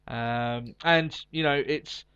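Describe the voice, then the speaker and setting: A man's voice: medium pitch, slow pace, sharp tone, clear, resonant tone. A man co-hosting a wrestling podcast, talking in a blunt, opinionated way and swearing freely. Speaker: podcast co-host. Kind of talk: casual wrestling chat. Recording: slightly dull lo-fi sound.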